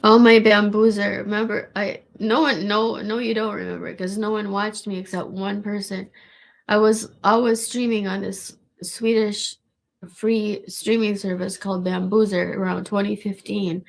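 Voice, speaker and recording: A woman with a gravelly voice, rambling casually in a monologue with restarts and swearing. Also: mid-range voice, little pitch movement, moderate pace. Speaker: vlogger.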